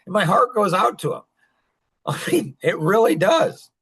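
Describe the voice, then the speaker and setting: A man's voice: high-pitched, sing-song, measured pace, a bit bright, husky. A man hosting a podcast in a casual, rambling chat, chuckling often and saying "like" a lot. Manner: rambling, chuckling, heavy use of "like". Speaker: podcast host.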